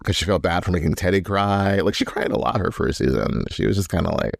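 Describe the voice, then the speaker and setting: A man with a very low voice co-hosts a relaxed chat, acting out reactions and laughing as he talks. The sound is dry and close to the mic. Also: quick pace, vocal fry, no echo. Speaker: podcast co-host. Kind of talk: casual chat.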